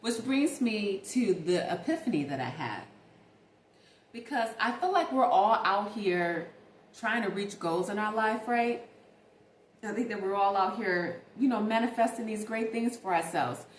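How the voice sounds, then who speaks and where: Late at night, a young female vlogger speaks casually and animatedly to her viewers, using "y'all." Her pitch is medium and her pace measured, recorded in an echoey room with faint ambient noise.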